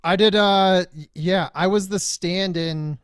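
A man guesting on a podcast over a remote call, easygoing and a bit halting, often laughing. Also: sits high, fairly even intonation, clean tone, no echo, clean studio sound. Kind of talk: casual podcast chat. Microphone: remote call from a cabin.

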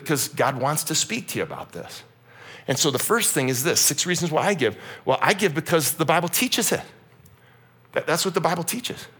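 A pastor in his forties preaching a humorous, animated sermon in a church. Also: mid-range voice, breathy edge. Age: 40s. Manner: animated, humorous, acts out quotes.

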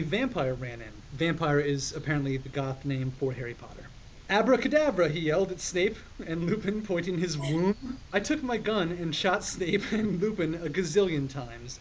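A young man co-hosting a podcast, reading a ridiculous story aloud in a dry, deadpan way. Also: a little high, a little hiss or hum, rough recording. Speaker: podcast co-host. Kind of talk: comedic dramatic reading.

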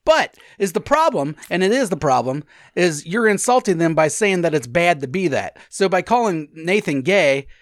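A man's voice: high voice, very animated, normal speed, few pauses, no room sound. A man hosting a podcast in crude, casual banter, rambling with many restarts and lots of swearing. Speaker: podcast host.

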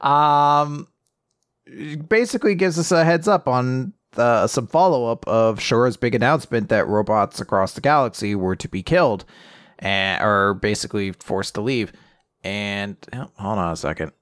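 Animated man retelling a story. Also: medium pitch, no room sound, clean studio sound. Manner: animated retelling with quick acted-out quotes and laughter. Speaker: podcast co-host. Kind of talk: casual manga discussion.

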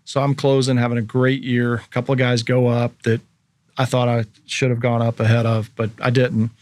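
A man's voice: medium pitch, completely flat delivery, fairly quick, a little mellow, dry recording. A man in his thirties, a former pro athlete as podcast guest, telling a long story casually and acting out the people he quotes.

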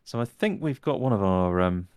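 A man playing a tabletop role-playing game, relaxed and wry, sometimes speaking in character. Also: low voice, moderate pace, clear, resonant tone, dry recording. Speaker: player. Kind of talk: tabletop role-play, casual.

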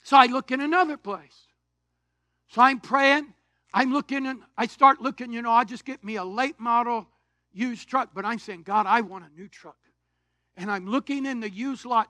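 A man, preaching a sermon in a church, animated storytelling that swings from shouts to quiet asides. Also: extremely high pitch, no echo. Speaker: pastor. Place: church sanctuary.

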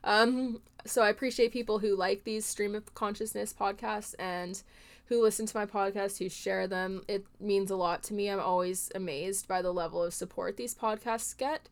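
A woman with a smooth, clear voice talks through a casual podcast monologue. She rambles earnestly and leans on filler words as she hosts the show. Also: mid-range voice, fairly even intonation, moderate pace. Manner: rambling, heartfelt, filler-heavy speech. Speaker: podcast host and horse trainer.

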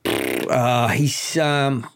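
A man voicing a gruff middle-aged police chief with a put-on New York accent, brash and bossy, with wheezy sighs. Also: mid-range voice, very animated, very slow, full character voice. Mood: jovial. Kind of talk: tabletop game character voice.

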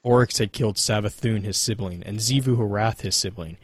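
A man reads a dark myth aloud, measured and solemn. His voice is fairly low and husky, recorded dry and close with no room sound. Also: dry recording. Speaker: lore reader.

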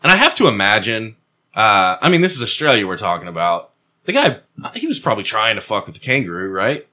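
Animated laughing man bantering. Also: lowish voice, a little fast. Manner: animated, laughs often, swears. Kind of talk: casual banter.

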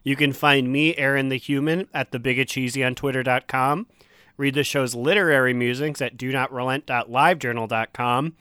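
A man's voice: mid-range voice, fairly even intonation, moderate pace, bright, forceful tone, clear, resonant tone, no echo, clean studio sound. A man co-hosting a casual podcast, sick with a cough, reading out supporter names in a jokey way. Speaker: podcast co-host.

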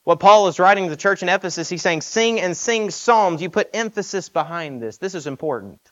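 High pitched guy preaching a sermon, earnest, lots of questions, muffled recording. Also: fast talker. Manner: earnest, emphatic, uses rhetorical questions.

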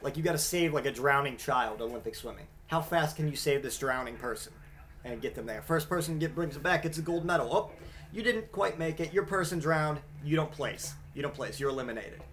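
A man with a slightly higher-than-usual voice rambles through a loose comedic podcast rant. His talk is full of casual profanity, which he uses like punctuation. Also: brisk, a bit bright, slight background noise. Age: adult father. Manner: profane, rambling, swears constantly. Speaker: podcast host.

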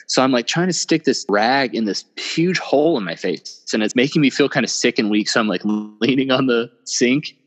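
A man's voice: mid-range voice, long reverb tail. A young man casually telling a long story, rambling and swearing, often laughing at himself. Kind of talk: casual podcast chat.

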